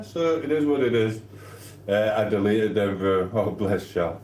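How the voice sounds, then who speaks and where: A man's voice: on the low side, animated, unhurried, darkish tone, echoey room, slight background noise. A man in a rambling live-stream chat with viewers, talking casually from his kitchen while he cooks and laughing often. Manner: rambling and chatty, laughs often, keeps asking "do you know what I mean". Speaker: livestreamer chatting with viewers. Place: home kitchen while cooking.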